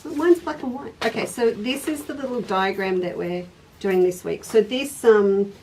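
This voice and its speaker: A woman's voice: mid-range voice, normal speed, a little mellow, slight background noise. A woman hosting a casual stitching livestream, chatty and laughing as she demonstrates and answers viewers. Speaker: craft shop host. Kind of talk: casual craft livestream chat. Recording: distant mic.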